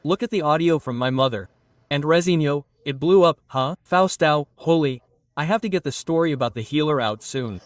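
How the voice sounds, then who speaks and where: A man in his thirties from Brazil doing stand-up, telling an animated story and acting out the lines of the people in it. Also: fairly high pitch, fairly quick, no room sound. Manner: animated, acts out quotes, swears casually. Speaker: stand-up comedian. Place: comedy stage with live audience. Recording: distant stage mic, audience noise.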